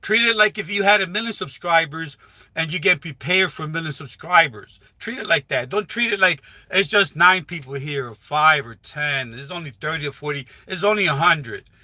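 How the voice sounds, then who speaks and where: Man, high and bright-toned, rambling casual livestream advice, dry close phone sound. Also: normal speed, no room sound. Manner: rambling, repetitive, with frequent restarts. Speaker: livestreaming YouTuber. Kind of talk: casual live stream advice talk. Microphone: phone held while livestreaming.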